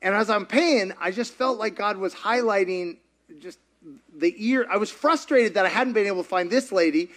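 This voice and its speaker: High-voiced guy pastor telling a story in his sermon, animated, laughs a lot. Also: moderate pace. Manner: animated, chatty, laughs often.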